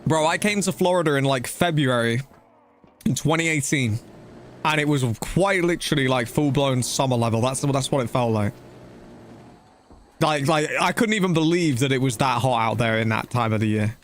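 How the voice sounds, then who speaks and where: A young man casually narrates his live gameplay in a mid-range voice at a moderate pace, with slight background noise behind him. He chats loosely with viewers and leans on slang like "bro" and "dude."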